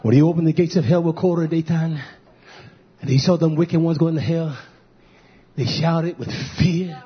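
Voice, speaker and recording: Preaching a fiery sermon on a live stream, a man chants drawn-out cries and swings between shouts and low murmurs. His intonation is fairly even, and the sound is lo-fi.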